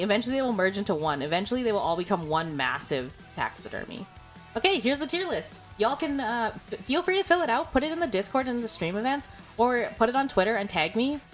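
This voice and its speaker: A young woman hosting a stream in easy, chatty talk, her pitch bouncing up and down as she goes. She fills her sentences with loose little fillers. Faint music plays under her voice. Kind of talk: casual stream chat.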